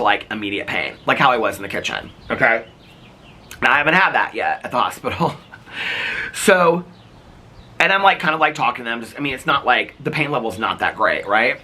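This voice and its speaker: A man recounts his hospital visit to camera in a loose, rambling vlog style, packing his sentences with fillers. His voice is bright and forward, with a husky edge to it. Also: medium pitch. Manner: rambling, many "like" fillers, animated retelling. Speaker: vlogger. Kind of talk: casual storytelling to camera.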